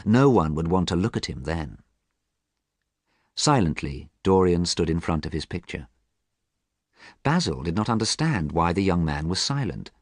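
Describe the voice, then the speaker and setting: A man narrating a simplified story slowly and clearly, in a scripted storytelling style. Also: sits low, no echo, studio quality. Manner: slow, clear and even storytelling. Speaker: audiobook narrator. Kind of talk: scripted graded-reader narration.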